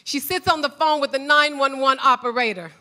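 Fervent high-voiced woman giving testimony. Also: brisk. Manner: fervent, rising to loud praise. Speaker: church testimony speaker. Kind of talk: emotional church testimony.

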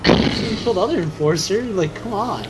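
A man's voice: high voice, expressive, brisk, over loud music, low-quality recording. A young man chatting casually while gaming with friends, calling out enemies and cracking jokes. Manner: bossy callouts, joking. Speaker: gamer recording with friends. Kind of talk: casual gameplay chat.

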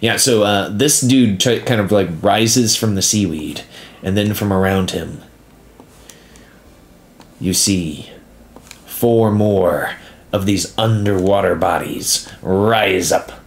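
A man narrating as game master of a tabletop game, relaxed and dotted with "uh" pauses. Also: low-pitched.

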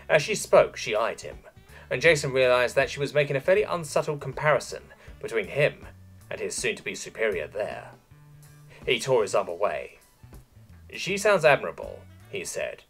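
A man narrating a science fiction story in an expressive storytelling way. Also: medium pitch, husky. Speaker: audiobook narrator.

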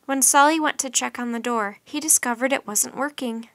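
Bright, lively woman reading a storybook. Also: high voice, moderate pace, no echo. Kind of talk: children's storybook read-aloud.

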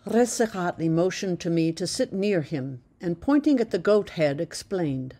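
A woman from the United States reading her own memoir aloud in a measured, plain storytelling voice. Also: on the low side, lively intonation, warm tone. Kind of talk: audiobook narration.

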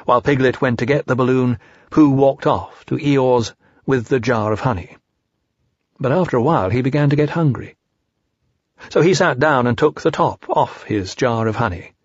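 A man reads an audiobook in a calm, measured way, with a husky voice at a middle pitch. The recording is dry, with no room sound. It also sounds dull and lo-fi. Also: no echo. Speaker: audiobook narrator. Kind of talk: audiobook reading.

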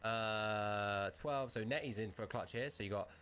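A man's voice: on the low side, moderate pace, crowd noise. A man co-hosting a live gaming stream, running a raffle and reading off numbers in a rambling, swear-laced way. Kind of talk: casual live-stream chat.

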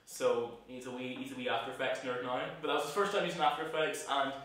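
A man's voice: mid-range voice, quick pace, a bit bright. A young man hosting a casual vlog, rambling and stop-start as he corrects himself mid-sentence. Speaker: vlogger host. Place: room at a film college. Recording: echoey room from a distant mic.

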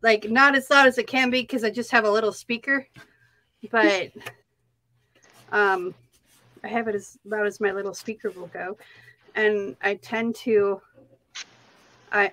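A woman's voice: mid-range voice, fairly even intonation, a little slow, long pauses, bright, forceful tone, no echo, poor audio. A woman with a Minnesota accent chatting casually on an art live stream, talking to herself as she works. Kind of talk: casual chat while crafting.

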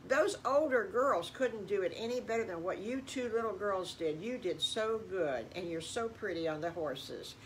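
A woman's voice: mid-range voice, moderate pace, few pauses, slight background noise, close to an everyday voice, poor audio. An older woman voicing a kindly male circus boss who gushes with praise for the children. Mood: praising. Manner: warm, gushing praise.

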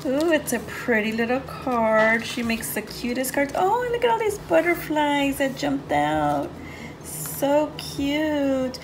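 A woman hosting a casual craft unboxing vlog, gushing with excitement over each item she opens. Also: high-pitched, takes it slowly, slight background noise, low-quality recording. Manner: gushing, excited, says "so cute" often. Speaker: craft channel host.

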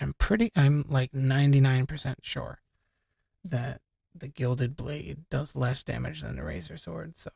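A man's voice: mid-range voice, creaky, a little mellow, breathy edge, no room sound. A young man casually commenting on a video game as he plays, rambling and joking with lots of swearing. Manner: rambling, profane, jokey. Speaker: game streamer. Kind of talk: casual let's-play commentary. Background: game music.

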